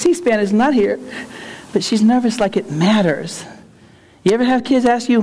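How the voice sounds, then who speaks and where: A man's voice: high voice, moderate pace, a little mellow. Joking man speaking in a big hall. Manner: joking, storytelling, repeats key phrases. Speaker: keynote speaker. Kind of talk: humorous conference keynote. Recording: long hall reverb.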